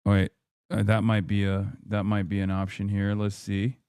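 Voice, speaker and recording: A man's voice: fairly low pitch, completely flat delivery, normal speed, a little mellow, smooth, dry recording, clean studio sound. Frustrated male streamer swearing at tech. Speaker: livestream host. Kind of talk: live stream chat with viewers.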